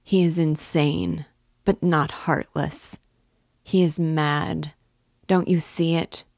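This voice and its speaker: A woman's voice: low voice, steady tone, slow pace, creaky, a little mellow, no room sound, studio quality, heavily acted. A woman voicing an indignant, proud young woman who speaks sharply and reproachfully.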